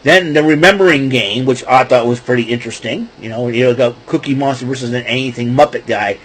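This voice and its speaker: On a poor recording, a middle-aged podcast host rambles through a casual solo talk in a medium-pitched, fairly bright, breathy voice at a slightly fast pace. He keeps restarting his thoughts and breaks into laughs and silly voices.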